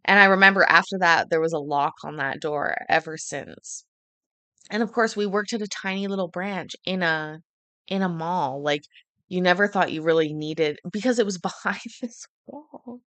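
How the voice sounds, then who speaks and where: A woman's voice: lowish voice, normal speed, bright, forceful tone, no echo. A woman streamer casually telling a rambling, profane story to her live stream.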